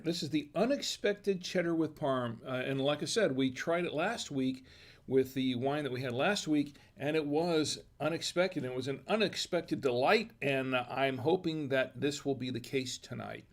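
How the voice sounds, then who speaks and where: A man hosting a home wine and cheese tasting, talking casually and thinking aloud with restarts and quiet asides. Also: medium pitch, a little slow. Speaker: host of a wine tasting show.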